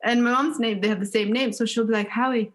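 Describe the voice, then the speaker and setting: Animated woman from Somalia telling stories. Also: on the high side, fast talker. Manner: animated, laughs often while telling stories. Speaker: podcast guest. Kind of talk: casual storytelling.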